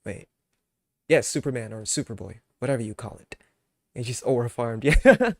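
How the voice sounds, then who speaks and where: A male streamer in casual chat, laid-back and rambling with many fillers, quick to laugh. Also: medium pitch, no room sound, studio quality.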